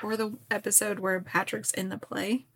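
Female co-host from Kentucky, middle pitch, animated storyteller reading history with chatty asides. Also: moderate pace, breathy edge. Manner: animated, laughs often. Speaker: podcast co-host.

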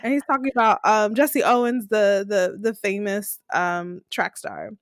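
A young woman co-hosting a casual recap podcast, retelling scenes with lively acted-out quotes. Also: mid-range voice, a little slow, no room sound, clean studio sound. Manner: animated retelling, acting out characters' lines. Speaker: podcast co-host.

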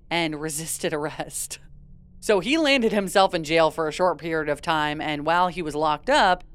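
A woman's voice: low voice, normal speed, a bit bright, clean tone. A young woman co-hosting a casual true-crime podcast, chatty and laughing often, with lots of "like". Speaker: podcast co-host.

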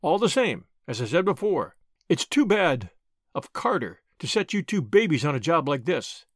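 A man voicing a shrewd, measured older lawyer in an audiobook, with a dry, authoritative delivery. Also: a little high, very animated, no echo. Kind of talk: audiobook character voice.

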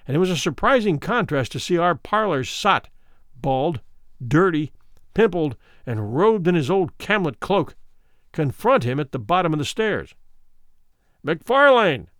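A male narrator reads a classic tale in a measured, expressive way. His voice sits somewhat high and moves very freely in pitch. The sound is dry and close, with no room echo. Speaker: audiobook narrator. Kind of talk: scripted narration of a classic story.

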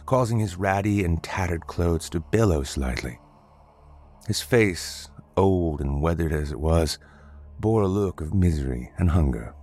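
A man reading a story aloud as narrator, in a measured, descriptive way. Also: low-pitched, a little mellow. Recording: faint background music.

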